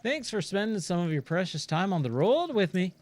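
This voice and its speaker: A man's voice: high voice, big pitch swings, fairly quick, a little mellow, pitched above the performer's own voice. A man voicing a chatty male traveling merchant in a jumbled mix of accents, with friendly sales patter. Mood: cheery. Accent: mixed put-on accent.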